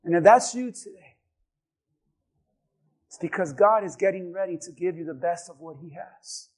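A man preaching a sermon as pastor, telling a story calmly and then building to shouted exhortation. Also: sits high, normal speed, breathy edge.

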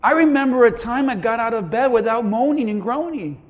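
High-voiced pastor preaching dramatically. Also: male voice, animated, brisk. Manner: preaching with dramatic swings in loudness and acted-out quotes. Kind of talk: sermon.

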